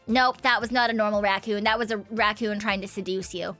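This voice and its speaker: A woman's voice: medium pitch, moderate pace, hardly any pauses, fairly bright tone, faint music behind. A woman streamer chatting casually during a game stream, playful and giggly, with lots of little mm-hmms and repeated yeses.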